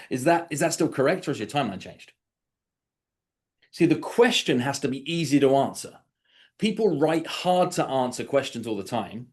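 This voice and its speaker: A man coaching real estate agents on an online call, lively, acting out sample conversations in quoted voices. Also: mid-range voice. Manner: animated, acts out sample dialogues. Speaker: sales coach. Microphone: video call.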